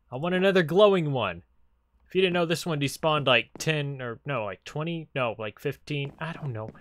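Sharp in tone and mid-range in pitch, a young man runs a casual Let's Play for his gaming channel, chatting with in-game creatures and reacting with abrupt bursts of panic.

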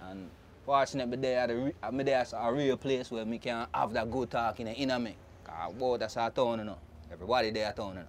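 Speaking in a medium-pitched voice against slight background noise, a young Jamaican-accented man chats casually in an interview. His patois-tinged English has the feel of street talk, and "you know what I'm saying" comes up again and again.

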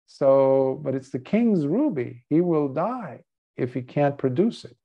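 A male Buddhist monk giving a dharma talk, telling a story in an earnest, measured way. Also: a little high, expressive, gravelly. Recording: dull lo-fi recording.

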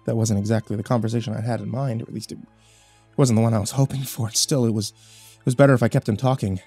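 Husky man reading horror stories. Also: lowish voice, steady tone, quick pace, dark tone, dry recording, faint music behind. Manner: tense, dramatic first-person reading. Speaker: horror storyteller. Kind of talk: scripted horror narration.

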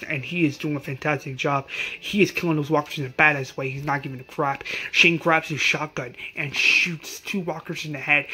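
A man's voice: mid-range voice, a bit bright, poor audio. Rambling man recapping an episode. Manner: rambling, filler-heavy retelling. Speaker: recap host.

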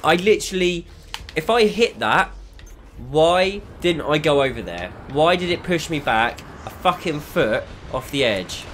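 A man's voice: a little high, animated, measured pace, fairly bright tone, slight background noise. A man giving frustrated, swear-filled commentary while playing a shooter game. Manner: frustrated, heavy swearing, exasperated. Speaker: gamer. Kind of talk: gameplay commentary.

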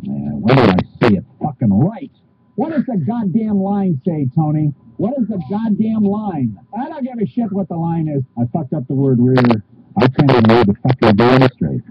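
A man presenting a product video who keeps forgetting his lines and swears constantly out of exasperation. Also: a little high. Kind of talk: blown takes from a product video shoot. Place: on a hot video set with flies around. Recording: dull lo-fi old video with loud hiss.

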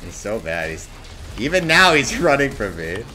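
A man streaming a game, ranting and swearing at other players, swinging from low mutters to shouted outbursts. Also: very animated, moderate pace. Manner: tilted, swearing, ranting at teammates and enemies. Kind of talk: live gameplay commentary.

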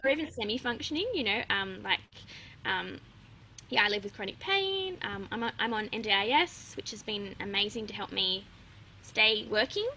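A woman's voice: mid-range voice, expressive, normal speed, sharp tone, slight background noise, low-quality recording. A young adult woman, chatting openly as an interview guest, with lots of fillers and frequent laughs. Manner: open, chatty, laughs often, many fillers. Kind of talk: casual interview chat.

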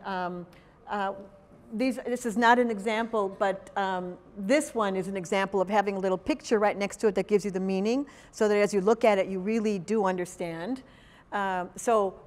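A woman giving a conference workshop to language teachers, talking conversationally with many fillers and quizzing the audience. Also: mid-range voice. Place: large conference hall. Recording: long hall reverb.

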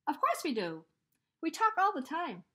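A woman reading a storybook aloud, voicing a sly, greedy male spider trickster in a high, teasing voice. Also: wildly swooping pitch, normal speed, sharp tone, exaggerated voice. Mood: playful.

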